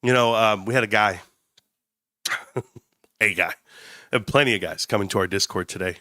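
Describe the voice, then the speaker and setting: A man hosting a live stream, talking casually while sick with a sinus cold, rambling and telling animated stories. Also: fairly low pitch, moderate pace, no echo, clean studio sound.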